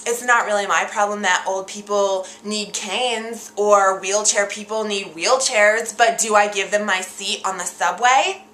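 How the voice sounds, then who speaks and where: A woman's voice: mid-range voice, measured pace, few pauses, a bit bright, roomy sound, natural voice. A woman playing an indignant young actress who rants in a projecting, over-enunciated, dramatic way. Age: young adult. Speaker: comic video diarist. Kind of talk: scripted comedy character monologue.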